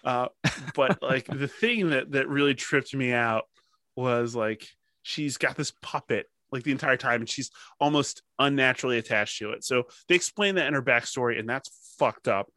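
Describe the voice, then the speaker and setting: A man hosting a casual chat. He is animated, laughs often and swears freely. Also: mid-range voice, moderate pace, dry recording. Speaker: podcast host.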